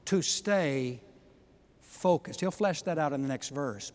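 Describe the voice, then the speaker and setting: Slow, high-voiced preacher in a reverberant hall. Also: male voice. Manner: emphatic, building from quiet asides to loud exhortations. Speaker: pastor. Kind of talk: sermon.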